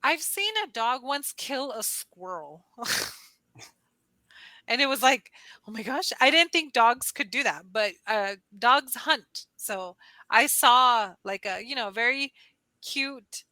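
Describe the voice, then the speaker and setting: Bright chatty woman tutor on a video call, says like a lot, squeals out quotes, dry close sound. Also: slow pace, no room sound, rough recording. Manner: animated storyteller, acts out quotes in high squeals; heavy use of "like" as filler. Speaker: online English tutor. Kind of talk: casual conversation lesson.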